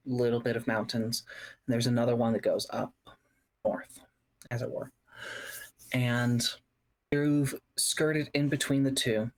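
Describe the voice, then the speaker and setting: Slow, deliberate tabletop game master. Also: medium pitch. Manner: slow, descriptive scene-setting with pauses.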